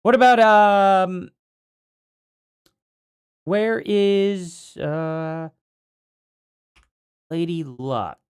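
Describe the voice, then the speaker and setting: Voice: medium pitch, very slow, long pauses, clean tone, dry recording, studio quality. A livestream host rambling casually through commentary, thinking aloud, with a voice that is starting to go.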